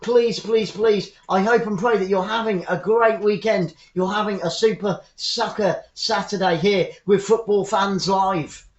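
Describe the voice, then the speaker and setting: A man's voice: high-pitched, steady tone, a little slow, few pauses. A man hosting a live fan football commentary stream, upbeat and chatty, greeting viewers by name. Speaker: football commentator and channel host. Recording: echoey room, dull lo-fi sound.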